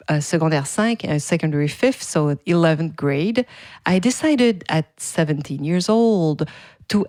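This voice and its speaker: A woman's voice: on the low side, darkish tone, no room sound, clean studio sound. A middle-aged woman with a French Canadian accent, a native French speaker, hosting a podcast in a chatty, casual way with frequent small laughs. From Quebec, Canada. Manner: chatty, laughs often, self-correcting. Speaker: podcast host.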